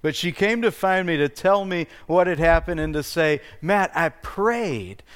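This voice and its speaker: A man's voice: fairly high pitch, moderate pace, smooth. A man preaching a sermon as pastor, telling a story earnestly with small restarts. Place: church.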